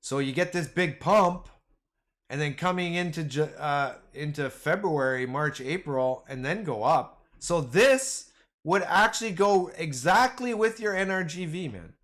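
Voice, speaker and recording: A man chatting casually through a trading livestream, rambling and excitable, calling his viewers "boys" and "man". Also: a little high, a little slow. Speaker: stock trading streamer. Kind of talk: casual livestream chat over charts.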